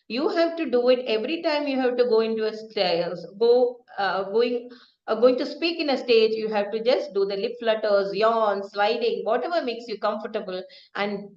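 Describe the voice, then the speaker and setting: High-voiced woman teaching a lively class. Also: normal speed, roomy sound, dull audio. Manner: lively, asks the group questions, acts out example sentences. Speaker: speaking coach. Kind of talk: interactive online teaching session.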